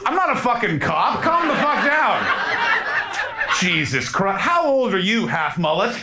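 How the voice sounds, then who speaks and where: A man's voice: sits high, big pitch swings, unhurried. A man doing a stand-up set in a comedy club, swearing freely, mocking himself and riffing with the audience. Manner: profane, self-deprecating, riffing with the audience. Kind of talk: stand-up set with crowd work. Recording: live club mic, loud audience laughter and noise.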